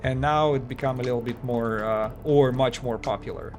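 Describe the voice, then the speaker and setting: A man's voice: mid-range voice, fairly even intonation, moderate pace, a little mellow, faint music behind. Man streaming a game, voice tiring. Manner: chatty, thinks aloud with fillers and non-native phrasing. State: voice tiring after hours of talking. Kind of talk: casual live-stream commentary.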